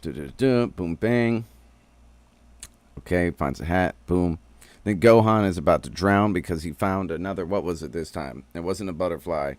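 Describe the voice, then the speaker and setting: A streamer with a deep, low voice rambles through an episode recap at a moderate pace, swearing and riffing in slangy fashion. The recording is close and dry, with almost no room sound.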